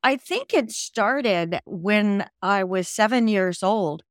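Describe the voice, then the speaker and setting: Animated older woman telling her story. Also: mid-range voice, slow pace, no room sound, clean studio sound. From American South. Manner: animated storyteller, mimics voices. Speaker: guest, language program founder. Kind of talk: interview over video call. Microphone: video call.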